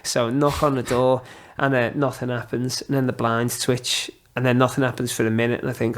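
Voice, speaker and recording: An English man in his thirties, a podcast guest casually telling animated travel anecdotes and acting out the dialogue. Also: mid-range voice, brisk, hardly any pauses. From England. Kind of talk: casual storytelling.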